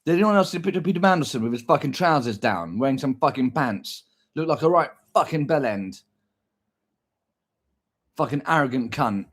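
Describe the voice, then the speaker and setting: A man's voice: mid-range voice, animated, brisk. A man talking in a casual vlog, crude and exaggerated, swearing constantly. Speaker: vlogger. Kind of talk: casual rant and food vlog.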